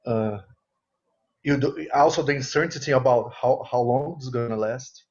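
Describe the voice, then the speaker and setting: Man, warm earnest guest, lo-fi remote audio. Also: medium pitch, moderate pace. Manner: earnest, expressive, non-native phrasing. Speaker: guitarist guest. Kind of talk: casual interview chat.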